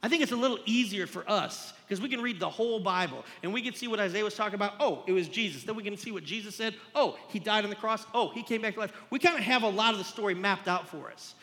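A man with a high, bright voice preaches an earnest, conversational sermon, speaking plainly to his listeners like a pastor walking them through a passage. His voice rings out with a long hall reverb trailing behind each phrase. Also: quick pace, few pauses.

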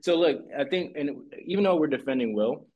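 A man co-hosting a casual podcast recap, telling the story with lively swings and quick acted-out lines. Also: a little high, dull audio. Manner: animated storytelling, acting out lines in quick voices. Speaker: podcast co-host.

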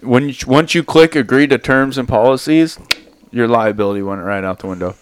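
A man's voice: medium pitch, a little fast, clean tone. A man hosting a casual podcast, assertive and full of advice. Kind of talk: casual chat.

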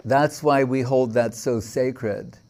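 A man's voice: medium pitch, slow, darkish tone. A man giving a devotional lecture, telling stories with quoted dialogue and frequent fillers. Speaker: spiritual teacher.

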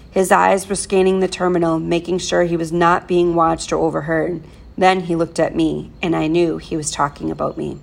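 A woman teacher reading a novel aloud to her class, with plain, steady storytelling. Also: lowish voice, creaky.

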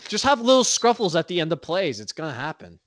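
A man co-hosting a casual sports podcast, laid-back and joking, often trailing off quietly. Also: high voice, sing-song, fast talker, dry recording, clean studio sound. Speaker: podcast co-host.

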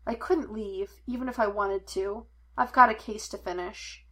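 A woman voicing a restless, impulsive young man who is a psychic detective, talking emphatically and rising to excited shouts. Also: medium pitch, moderate pace, close to an everyday voice. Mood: defensive.

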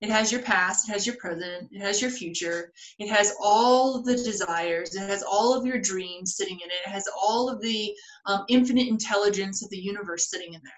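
A woman's voice: mid-range voice, a little fast, hardly any pauses. A woman co-hosting a spiritual podcast, explaining ideas step by step in casual chat. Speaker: podcast co-host. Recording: roomy echoey audio.

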